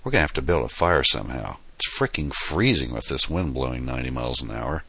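Deep-voiced guy reading a cheery joking young dude on a date, dry close sound. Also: animated, fast, bright, forceful tone, slightly rough, no echo, heavily acted. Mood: upbeat. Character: young adult man, upbeat boyfriend on a date.

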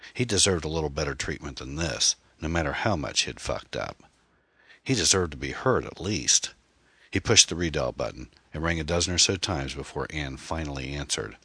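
Deep, husky male narrator. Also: bright, forceful tone, no echo. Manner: measured storytelling. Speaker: audiobook narrator. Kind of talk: scripted narration.

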